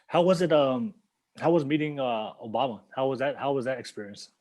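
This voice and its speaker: A man hosts a casual podcast interview at a middle pitch. He rambles, circling back and restarting his sentences as he builds up to a point. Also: brisk, a little mellow. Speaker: podcast host.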